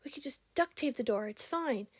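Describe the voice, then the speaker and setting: A woman's voice: high voice, expressive, normal speed, dry recording, pitched above the performer's own voice. A woman voicing a careless male flight attendant who brushes off every problem. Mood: breezy. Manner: breezy, dismissive.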